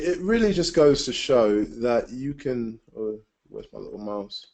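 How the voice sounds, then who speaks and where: A man's voice: mid-range voice, expressive, measured pace, a little mellow. A man presenting a webinar over screen share, loose and rambling, with lots of filler words. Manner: loose and rambling, full of "you know" and "like".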